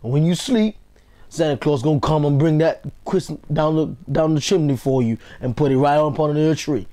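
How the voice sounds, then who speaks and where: Rallying motivational speaker, mellow man. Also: fairly high pitch, a little fast. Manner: rallying, repetitive call-and-response, preacher-like cadence. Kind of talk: motivational pep talk.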